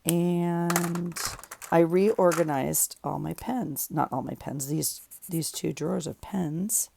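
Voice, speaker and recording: A woman's voice: on the low side, fairly even intonation, slow pace, vocal fry, dark tone, a little hiss or hum. A woman vlogger chatting casually in her home craft room, rambling and thinking aloud as she works on a journal page. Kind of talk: casual chat while crafting.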